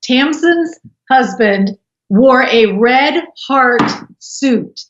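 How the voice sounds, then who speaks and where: A woman guest on a podcast, telling a story in an animated, casual way. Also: high voice, drawn-out words. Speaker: podcast guest, stroke survivor. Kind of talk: casual chat. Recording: roomy, dull lo-fi sound.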